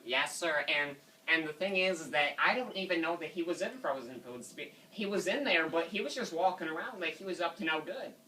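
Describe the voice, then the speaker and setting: A man's voice: fairly high pitch, fairly quick, hardly any pauses, pushed and bright. A man on a prank call, playing a fussy, indignant father who rambles and keeps calling the manager sir. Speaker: prank caller. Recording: distant mic with faint noise.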